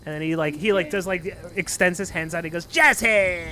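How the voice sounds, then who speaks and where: A man's voice: on the high side, fairly even intonation, quick pace, a bit bright, faint music behind. A man narrating a tabletop game as dungeon master, rambling with many fillers. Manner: rambling, filler-heavy, casual.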